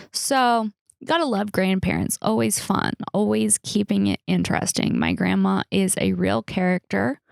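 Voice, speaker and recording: A woman's voice: mid-range voice, vocal fry, clear, resonant tone, dry recording, clean studio sound. A young woman with a Californian accent, hosting a casual solo podcast and telling stories with lots of fillers and restarts. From Los Angeles area, United States. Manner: chatty storytelling with many fillers and restarts. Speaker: comedian podcast host.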